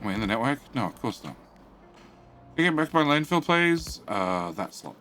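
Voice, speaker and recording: A man's voice: medium pitch, sing-song, moderate pace, sharp tone, faint music behind. A man live-streaming a game from his home studio, chatting casually and reading out chat messages. He rambles, swears offhandedly and fills gaps with "uh".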